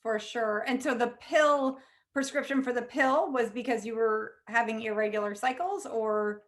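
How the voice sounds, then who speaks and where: A woman's voice: a little high, steady tone, moderate pace. A woman hosting a podcast, introducing and questioning her guest with effusive enthusiasm. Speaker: podcast host. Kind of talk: interview hosting.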